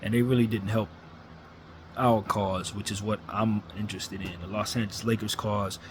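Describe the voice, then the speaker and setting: A man's voice: fairly low pitch, steady tone, moderate pace, noisy background. Frustrated man ranting about his team. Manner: frustrated, blunt, repetitive emphasis. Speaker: sports fan commentator. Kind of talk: ranting fan monologue.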